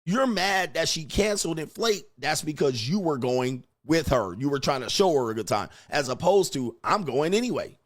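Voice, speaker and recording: A man's voice: fairly high pitch, expressive, normal speed, few pauses. A man lecturing on dating in a blunt, emphatic way, swearing and acting out quoted exchanges. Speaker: dating advice host. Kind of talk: lecturing monologue.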